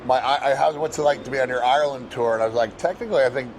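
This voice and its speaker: A man's voice: mid-range voice, rapid-fire, slight background noise. Older American man telling easygoing stories. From United States. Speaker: guest. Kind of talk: casual chat.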